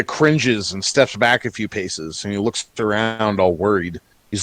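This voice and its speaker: A man's voice: fairly low pitch, measured pace, hardly any pauses, a bit bright, no echo. A man narrating as game master in a casual tabletop role-playing session.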